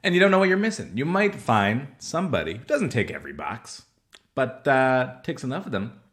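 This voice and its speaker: A man's voice: mid-range voice, sing-song, fairly quick, a bit bright. A man co-hosting a podcast in casual joking chat, laughing often. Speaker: podcast co-host.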